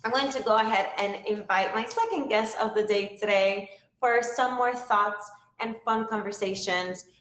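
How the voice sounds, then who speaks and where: A woman's voice: mid-range voice, normal speed, hardly any pauses, a bit bright, roomy sound. A woman hosting a casual live-stream talk show, upbeat and chatty with lots of fillers. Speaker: livestream show host.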